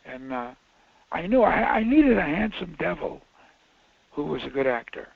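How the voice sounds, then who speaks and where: A man's voice: on the high side, sing-song, normal speed, vocal fry, breathy edge, no echo. An older man, a film director, telling rambling, self-interrupting anecdotes in a casual interview. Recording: muffled dull interview audio.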